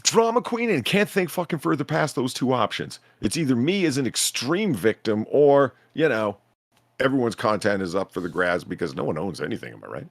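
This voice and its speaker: A man's voice: medium pitch, expressive, no echo, studio quality. A man co-hosting a live stream, chatting casually and riffing with wry jokes. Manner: wry, joking, quick to riff. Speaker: stream co-host.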